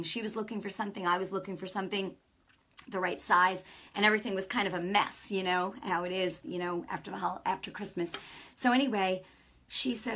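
A woman's voice: medium pitch, a bit bright, breathy edge. A woman preacher hosting her own broadcast, talking informally and enthusiastically, telling stories and acting out the dialogue. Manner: enthusiastic, chatty, acts out quoted dialogue.

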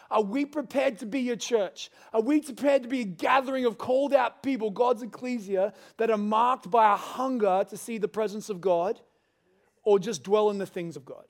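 A male pastor delivers a sermon with a high-pitched voice. He moves between earnest exhortation and relaxed, conversational storytelling.

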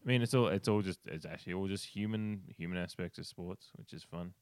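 A man co-hosting a casual podcast, talking in an animated way, laughing and restarting his sentences. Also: low voice, brisk, smooth, no echo, clean studio sound. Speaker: podcast co-host. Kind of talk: casual film podcast chat.

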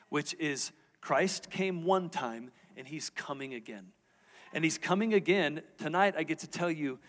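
Candid man preaching in a big hall. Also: a little high. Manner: candid, conversational, asks the audience questions. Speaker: lead pastor. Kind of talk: sermon. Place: church auditorium stage. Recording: reverberant church hall.

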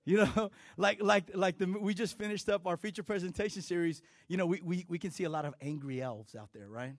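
High-voiced animated male preacher. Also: a little fast, no room sound, clean studio sound. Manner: conversational and animated, with many restarts and playful asides. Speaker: pastor. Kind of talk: sermon.

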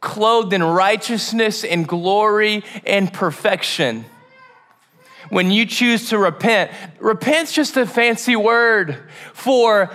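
A man preaching a sermon as a pastor, animated and casual, using slang and acting out the stories he tells. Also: high voice, takes it slowly.

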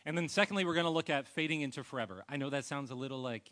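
A male pastor preaching a sermon with earnest personal storytelling, often trailing off into a soft, low voice. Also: racing, few pauses.

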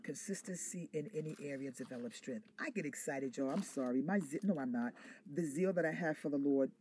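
A woman's voice: sits low, fairly quick, darkish tone, slight background noise. A woman preacher delivering a sermon with fervent, repetitive call-and-response phrasing.

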